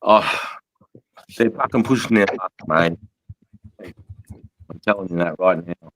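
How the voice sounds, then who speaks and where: A man's voice: low voice, slow, fairly bright tone, slight background noise, poor audio. A man with an Australian accent hosting a live chat, talking bluntly and swearing as he rants about local gripes. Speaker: live stream host.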